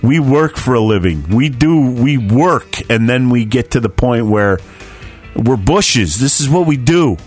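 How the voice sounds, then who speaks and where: A man's voice: mid-range voice, lively intonation, a little slow, a little mellow, husky, faint music behind. Man doing a stern lecturing father. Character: stern older father scolding his son.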